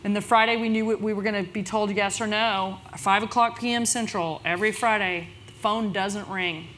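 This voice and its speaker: A woman speaking on a conference panel about her business, telling the story in a lively, chatty way. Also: moderate pace, a little hiss or hum. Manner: lively storyteller, quotes others with big pitch jumps.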